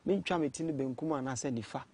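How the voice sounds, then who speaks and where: A man, a guest in an interview, telling his story in a halting way and often repeating words. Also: mid-range voice, darkish tone, slight background noise. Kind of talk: casual testimony interview.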